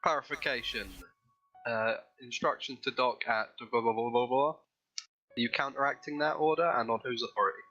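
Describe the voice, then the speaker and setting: A man's voice: mid-range voice, fairly even intonation, a little fast, bright, forceful tone, muffled recording, soft background music. A man voicing a starship captain who speaks clipped and efficient over the comms. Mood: brisk. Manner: clipped, efficient radio talk.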